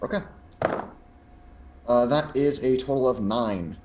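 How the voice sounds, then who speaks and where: A man's voice: mid-range voice, slow, noisy background. A man playing a tabletop game, describing his character's actions step by step in a matter-of-fact way. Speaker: player.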